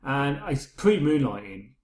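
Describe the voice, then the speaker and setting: A man's voice: medium pitch, sing-song, a little slow, darkish tone, echoey room. A middle-aged man co-hosting a casual podcast chat, rambling and retelling scenes with quoted dialogue. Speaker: podcast co-host.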